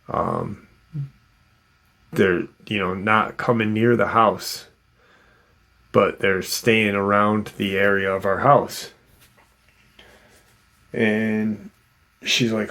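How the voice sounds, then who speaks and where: The speaker is a man with a fairly low, flat-pitched voice that sounds bright and forceful, and he talks slowly with long pauses. He is a host loosely retelling someone's encounter, full of fillers and restarts.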